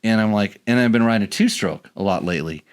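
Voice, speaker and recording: Rambling low-voiced male podcast host. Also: fast talker, clear, resonant tone. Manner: rambling, restarts sentences. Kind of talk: casual podcast chat.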